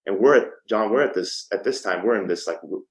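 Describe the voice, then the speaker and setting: A man's voice: lowish voice, a little fast, low-quality recording. A man in his thirties, a podcast guest, telling a story in a casual interview and acting out the back-and-forth of phone calls, with frequent ums and restarts. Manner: lively storyteller who acts out quoted phone calls. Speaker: podcast guest, startup co-founder.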